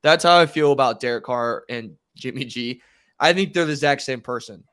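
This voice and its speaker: A man's voice: mid-range voice, brisk, a bit bright, clear, resonant tone, no room sound. A man co-hosting a sports podcast, talking football in a laid-back, casual way with everyday comparisons. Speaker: podcast co-host.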